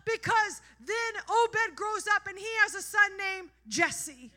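A woman preacher delivering a sermon, moving from quiet storytelling to passionate, shouted exhortation. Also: very high voice, takes it slowly.

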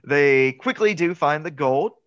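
A man's voice: on the high side, measured pace, dry recording. Chatty man recapping a movie, dry lo-fi sound. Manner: chatty, laughs often, quotes lines in excited voices. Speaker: podcast co-host. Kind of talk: casual movie recap chat. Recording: dull lo-fi, dry.

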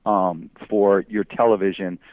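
A man's voice: low voice, level tone, measured pace, dry recording. A man guesting as an entrepreneur on a phone interview, arguing emphatically through rhetorical questions. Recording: tinny phone line.

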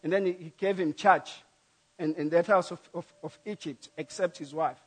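Preacher delivering a sermon; high-pitched man, emphatic, repetitive, dynamic. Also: fairly even intonation, normal speed, slightly rough. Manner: emphatic, repeats key phrases, swings from loud to soft.

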